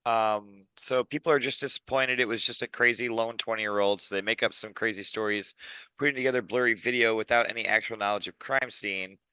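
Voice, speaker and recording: A man's voice: fairly low pitch, steady tone, a little fast, pushed and bright, clean tone, no room sound. A man as a guest in a casual chat, hesitant with many ums, then blunt. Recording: dull lo-fi dry mic.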